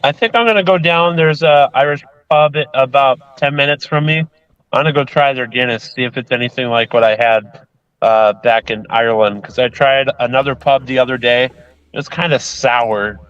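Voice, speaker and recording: A man's voice: mid-range voice, normal speed, a bit bright, clear, resonant tone, no room sound. Laid-back man on a dull call line. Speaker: guest on a live stream. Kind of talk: casual chat.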